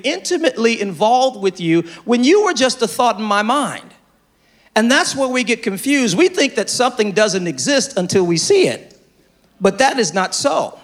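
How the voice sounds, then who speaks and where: A man preaching a sermon to a congregation, swinging between loud shouted lines and quiet asides, and repeating phrases for emphasis. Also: high voice. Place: church service before a congregation.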